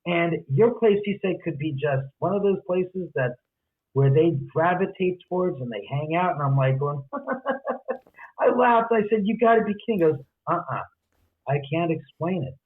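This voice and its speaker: A man's voice: fairly high pitch, moderate pace, husky. A man, a guest author, animatedly telling a story and acting out the other person's lines. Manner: acts out quoted dialogue. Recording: tinny phone-line audio.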